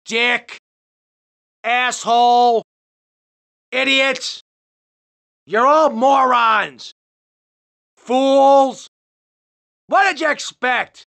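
Gravelly Tommy Vercetti, snarling gangster. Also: male voice, extremely high pitch, sharp tone, heavily acted. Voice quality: gravelly, menacing. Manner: taunting and hostile, short barked lines. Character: volatile male gangster, middle-aged, hot-tempered. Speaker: video game character. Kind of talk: game voice lines.

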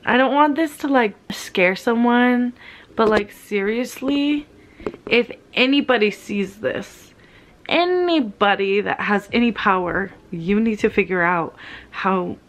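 A woman's voice: mid-range voice, slow, a little hiss or hum. A young woman vlogging in a casual, candid way while in pain, swearing freely and saying "like" often. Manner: candid, swearing, heavy use of "like". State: in pain, weary. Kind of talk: casual vlog storytelling.

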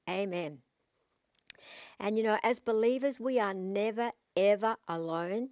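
A woman's voice: medium pitch, darkish tone, no room sound. Emphatic Australian woman preaching. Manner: emphatic, slows and stresses key scripture phrases. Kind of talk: sermon with scripture reading.

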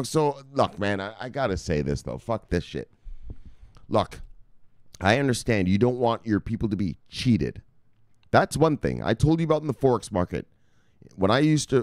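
A man hosting a crypto news show, ranting and swearing as he reads the headlines, laughing at his own jokes and swinging from shouting to muttering. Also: medium pitch, no echo, clean studio sound. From United States. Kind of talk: profane ranting commentary.

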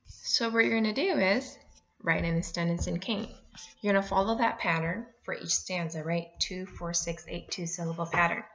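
Brief: woman teacher, low gravelly voice, patient explaining, lo-fi computer mic. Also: a bit bright. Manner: clear and instructive, reads poems aloud, slows down to explain. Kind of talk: remote lesson.

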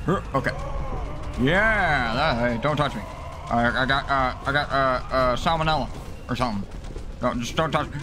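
A man commentating his own gameplay, swearing and mocking himself in exasperated rants, with sudden high yelps when frustrated. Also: normal speed, over music. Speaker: let's play gamer.

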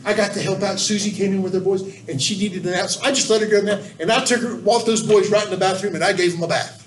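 A man's voice: high-pitched, fairly even intonation, quick pace, slight background noise, close to an everyday voice. Man retelling an eager helpful man. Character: kindly eager man helping out. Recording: echoey room, distant mic.

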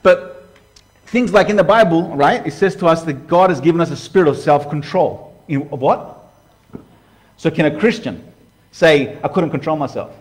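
A man preaching to a live congregation, conversational and direct, asking the room questions and swinging between hushed and loud. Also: a little high, moderate pace, pauses often. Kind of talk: sermon. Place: church hall before a live congregation.

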